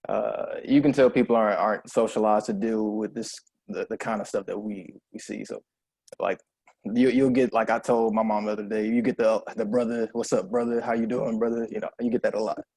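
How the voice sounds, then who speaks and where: A man speaking as a panel guest in a casual, halting way that trails off. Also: on the low side, fairly even intonation, gravelly, a little mellow, breathy edge, no room sound.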